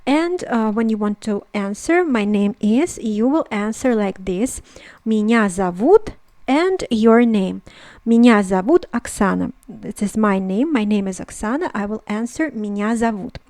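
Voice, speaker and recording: Russian-native woman teaching her channel lesson, lots of uhs, repeats phrases slow, dry close sound. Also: medium pitch, lively intonation, a little mellow, no room sound. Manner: explains slowly, repeats phrases, many fillers. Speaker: language teacher. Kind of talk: online language lesson.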